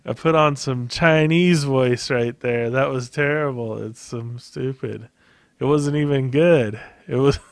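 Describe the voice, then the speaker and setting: Slow, smooth-voiced rambling male podcaster. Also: medium pitch, no echo, studio quality. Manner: rambling, profane, laughs often at himself. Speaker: podcast host. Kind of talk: casual solo podcast monologue.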